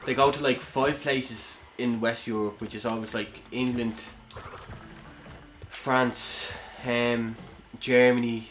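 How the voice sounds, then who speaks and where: A man chatting casually while playing a game, relaxed and hesitant with many fillers. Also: medium pitch, slow pace. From Ireland. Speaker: gaming podcast co-host.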